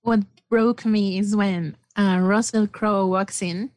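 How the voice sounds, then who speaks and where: A woman's voice: mid-range voice, fairly even intonation, takes it slowly, darkish tone, dry recording. A woman guest chatting casually about a film, enthusiastic and rambling with many fillers. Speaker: podcast guest.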